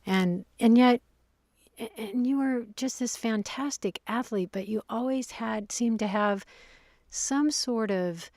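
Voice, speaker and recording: A woman interviewing a guest, asking measured, thoughtful questions with small restarts. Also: on the high side, a little mellow, dry recording.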